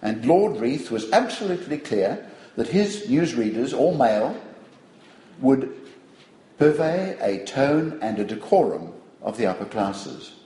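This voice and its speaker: A man's voice: mid-range voice, a little slow, roomy sound, low-quality recording. An older man giving a public lecture, wry and digressive, telling stories to an audience. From Australia. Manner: wry, digressive, animated storytelling.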